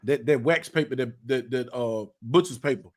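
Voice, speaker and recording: A man, hosting a casual podcast and telling an animated story, repeating words and swearing as he acts out quotes. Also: medium pitch, normal speed. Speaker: podcast host.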